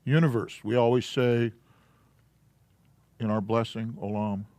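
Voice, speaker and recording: A man teaching a Hebrew alphabet class in a church classroom, explaining slowly and casually. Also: fairly high pitch, clean tone, no echo.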